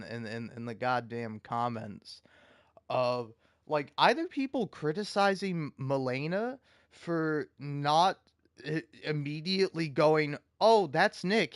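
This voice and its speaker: Casting: man, casual commentary rant, cursing, stammering restarts, mid pitch. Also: dry recording, clean studio sound. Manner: heated, profane, stammering restarts. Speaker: video commentator.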